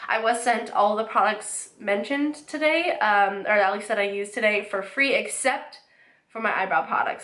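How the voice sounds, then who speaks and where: A woman's voice: medium pitch, fairly bright tone, reverberant. A young woman with a stuffy, nasal voice from a cold, chatting casually through a makeup tutorial with lots of restarts. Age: young adult. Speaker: beauty vlogger.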